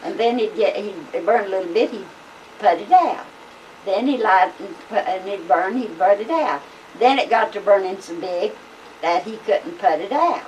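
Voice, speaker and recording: An older woman with a medium-pitched voice, speaking at normal speed, tells family stories in a folksy, rambling way packed with fillers. It's casual storytelling caught on a camcorder microphone by a home video camera from a distance, with faint hiss.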